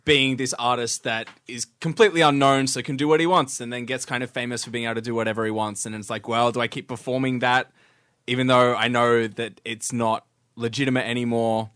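A man co-hosting a casual podcast chat defends his view, thoughtful and quick to laugh. His medium-pitched voice is level, fairly bright, clear and resonant, captured in clean studio sound with no echo.

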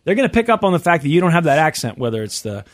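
Fast, lively chatty male host. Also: a little high. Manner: excitable, rambling, quick to interrupt. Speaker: radio show host. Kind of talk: casual studio chat.

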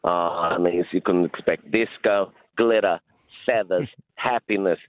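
A man's voice: low voice, measured pace, no echo. Campy disco diva played by a man, theatrical drawl, heard down a thin phone line. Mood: camp. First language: not English. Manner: camp, theatrical, calls people honey and darlings. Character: flamboyant campy male disco diva character. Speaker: stage performer guest. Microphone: phone call.

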